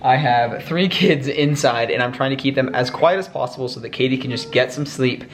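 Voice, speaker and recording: A man's voice: medium pitch, brisk, slight background noise. A young man, a father of three, talking casually to camera at home in a rambling, worried way with many fillers. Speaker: vlogger dad. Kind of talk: casual home vlog chat. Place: family home, indoors.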